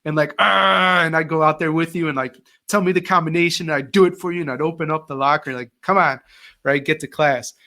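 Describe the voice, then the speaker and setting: With a fairly high pitch and a fairly quick delivery, a middle-aged man who used to teach shares stories as a guest on a casual interview. He's lively, putting on voices for everyone he quotes.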